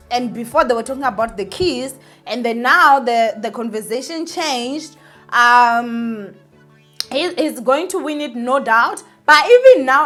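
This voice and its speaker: A woman's voice: on the high side, a bit bright. A woman giving an opinionated vlog commentary, ranting indignantly and speaking straight to her viewers. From South Africa. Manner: emphatic, repeats points, many fillers. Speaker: entertainment vlogger.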